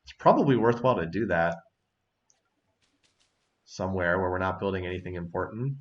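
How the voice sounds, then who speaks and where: Low-voiced male gameplay host, chatty and quick to laugh, muffled lo-fi mic, mouse clicks behind. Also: expressive. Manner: chatty, laughs often, thinks aloud. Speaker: let's-play host. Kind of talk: casual gameplay commentary.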